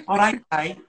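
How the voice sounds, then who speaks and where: A man's voice: mid-range voice, fairly bright tone, full character voice. A man doing a chirpy young Welsh woman.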